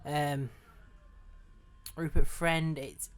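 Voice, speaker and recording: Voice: mid-range voice, little pitch movement, very slow. A young podcast co-host chatting casually about a film, with stumbling restarts.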